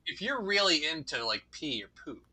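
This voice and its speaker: Bright, bouncy male comedy podcaster. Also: fairly high pitch, very animated, normal speed, husky, poor audio. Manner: rambling, laughing, conversational. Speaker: podcast co-host. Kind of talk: crude comedy podcast banter.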